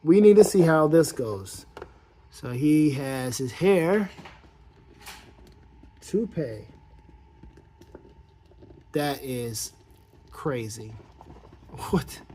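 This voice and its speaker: A man's voice: fairly high pitch, lively intonation, very slow, pauses often, dark tone, slight background noise. A man giving a casual toy review, rambling and playful as he thinks aloud while posing a figure.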